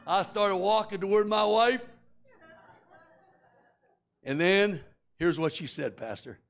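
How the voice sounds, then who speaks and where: Animated high-voiced male preacher. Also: slow pace, vocal fry. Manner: animated storyteller, acting out voices and screams. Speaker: guest preacher. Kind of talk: sermon with personal storytelling.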